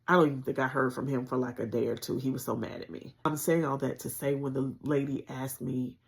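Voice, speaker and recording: A woman telling a painful personal story on a livestream, speaking earnestly and conversationally with deep spiritual conviction. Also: flat delivery, a little fast, creaky. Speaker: channel host sharing a personal story.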